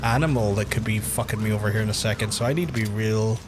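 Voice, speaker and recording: A man's voice: on the low side, fast talker. A man in a casual gaming livestream who rambles and swears often while he talks to chat. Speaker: gaming streamer. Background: game music.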